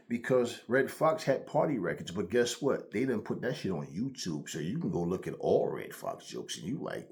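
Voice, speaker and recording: A man hosting a commentary vlog, ranting in a blunt, profane, animated way. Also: medium pitch. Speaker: channel host.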